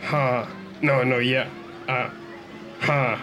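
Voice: medium pitch, steady tone, very slow, long pauses, music in the background. A tabletop game player who hesitates and stammers while speaking in character. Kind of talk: tabletop role-play banter.

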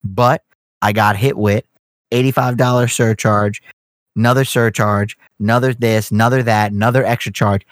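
A man's voice: fairly low pitch, fairly even intonation, moderate pace, dry recording. A young man telling a long, profane story in casual podcast chat. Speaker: podcast co-host.

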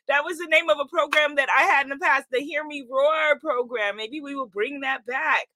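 A woman's voice: high voice, moderate pace, hardly any pauses, pushed and bright, no room sound. A woman hosting a spiritual livestream, exuberant and affirming, reading out viewer comments and repeating phrases. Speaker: livestream host.

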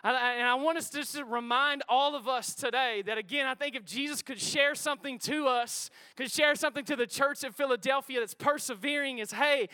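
High, bright-voiced preacher. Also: male voice, a little fast, hardly any pauses, clean tone, dry recording. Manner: energetic, conversational preaching with crowd call-outs. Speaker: pastor. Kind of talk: sermon. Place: church auditorium before a congregation.

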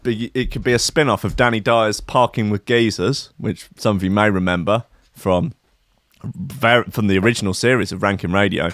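A man's voice: on the low side, fairly even intonation, normal speed, fairly bright tone, dry recording, studio quality. A man, hosting a comedic podcast in a sweary, rambling, sardonic monologue. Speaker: podcast host.

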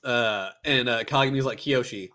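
A man talking casually on a podcast, walking a friend through an anime story with plenty of "like" and "uh". He stumbles, restarts and corrects himself as he goes, at an ordinary mid pitch. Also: moderate pace, a bit bright. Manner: rambling retelling, filler-heavy, many restarts. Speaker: podcast co-host. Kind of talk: casual anime recap chat.

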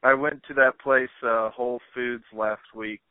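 A man's voice: medium pitch, fairly even intonation, unhurried. A man hosting a podcast, chatting casually with many fillers. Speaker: podcast host. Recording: dry, phone-like narrow sound.

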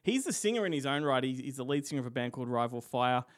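A man's voice: mid-range voice, animated, fast talker. A man co-hosting a podcast, chatting casually, teasing and laughing often. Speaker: podcast co-host. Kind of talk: casual banter.

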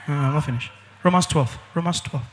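A man preaching a sermon as pastor, emphatic, with sudden shouts and drawn-out words. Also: on the high side, long reverb tail, slight background noise.

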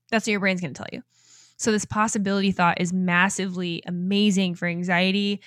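A woman's voice: medium pitch, fast, dry recording, clean studio sound. Upbeat young woman podcaster. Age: 20s. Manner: energetic and enthusiastic, often laughing. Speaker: podcast host and life coach. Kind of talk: upbeat motivational podcast talk.

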